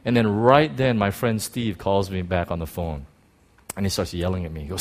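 A man preaching a sermon, telling a personal story in an excited, animated way with many restarts. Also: fairly low pitch, brisk.

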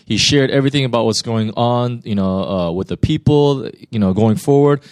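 A man's voice: medium pitch, moderate pace, a little mellow, dry recording, studio quality. A man, a pastor, reading a Bible passage aloud and then preaching in a loose, conversational way, with many fillers and restarts. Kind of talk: scripture reading and sermon.

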